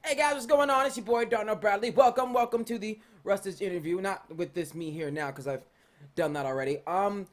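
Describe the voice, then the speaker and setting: An American man hosting a casual interview, hyped and loud with lots of slang. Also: high voice, brisk, faint music behind. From United States. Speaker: interview host.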